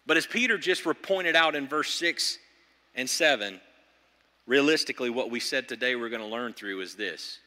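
A male pastor delivers an animated sermon in a sharp, bright voice. He swings from loud, high bursts down to low, quiet stretches. The room gives a long, ringing reverb. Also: normal speed.

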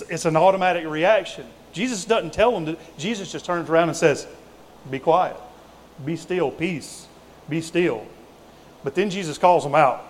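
A man preaching a sermon in a conversational, folksy way, with casual asides to the congregation. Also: on the high side. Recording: reverberant hall.

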